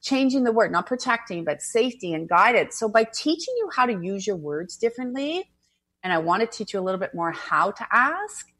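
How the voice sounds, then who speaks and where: A woman hosting a spiritual call-in radio show, talking in an animated way and acting out the voices she quotes. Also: mid-range voice, a little fast. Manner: animated, acts out quoted voices, laughs easily.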